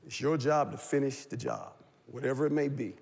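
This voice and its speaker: A man, a football coach, telling a lively story on a talk show and laughing as he goes. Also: mid-range voice, brisk, gravelly, slightly rough. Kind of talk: animated anecdote on a TV talk show. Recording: long hall reverb.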